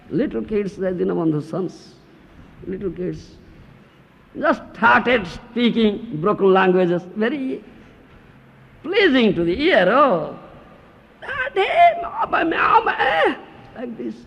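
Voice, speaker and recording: Animated gravelly man preaching. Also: sits high, slow pace, pauses often. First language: not English. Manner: lively and teasing, acts out the attached householder, asks rhetorical questions. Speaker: spiritual teacher. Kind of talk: scripture lecture with Q&A. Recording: dull lo-fi 1992 lecture tape, faint hiss.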